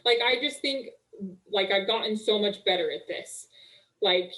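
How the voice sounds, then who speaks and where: A young woman working as a marriage coach, talking casually and warmly on a live webinar, full of "like" and "okay", speaking through a video call mic. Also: mid-range voice, measured pace, low-quality recording. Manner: chatty, upbeat, full of "like" and "okay".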